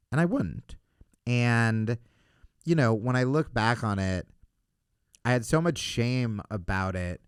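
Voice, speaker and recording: A man with a lowish voice tells stories in a loose, animated way, cursing freely and breaking into laughter as he goes. His voice comes through smooth and full, close to the mic in a dry room with no echo. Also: a little slow, pauses often. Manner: animated storyteller who swears a lot. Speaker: podcast guest, comedian. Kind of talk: casual chat. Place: podcast studio.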